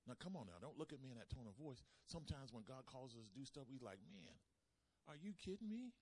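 A man preaching a sermon, calling out to the congregation and swinging between loud emphasis and soft asides. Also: medium pitch, lively intonation, fast, husky. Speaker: pastor.

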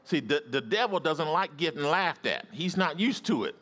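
A man's voice: a little high, sing-song, moderate pace, a bit bright. A male pastor preaching a sermon, emphatic and calling out to his congregation for responses.

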